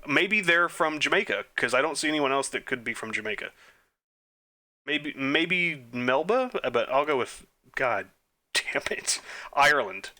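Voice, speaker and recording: A man's voice: mid-range voice, pushed and bright. A man playing an online trivia quiz and thinking aloud, muttering answers, breaking into flustered outbursts and mocking himself. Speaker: gaming YouTuber. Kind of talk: quiz playthrough commentary.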